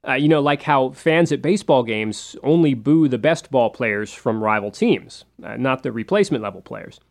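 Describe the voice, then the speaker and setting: A man hosting a history show, telling the story in a relaxed, conversational way with frequent fillers and asides. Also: mid-range voice, normal speed, gravelly.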